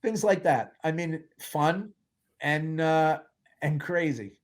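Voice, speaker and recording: Animated man telling stories. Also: a little high, slow pace. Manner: animated storyteller, acts out quotes, laughs often. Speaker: film producer guest. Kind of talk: casual interview storytelling.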